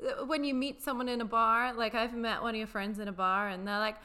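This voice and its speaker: A British woman co-hosting a podcast in casual chat, wry and mock-exasperated, quick to laugh. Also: fairly high pitch, bright, forceful tone. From Britain. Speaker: podcast co-host.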